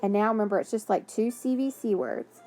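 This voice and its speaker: A woman's voice: mid-range voice, fairly quick, mellow, a little hiss or hum. A woman teaching a phonics lesson to young children, patiently sounding out words and praising answers.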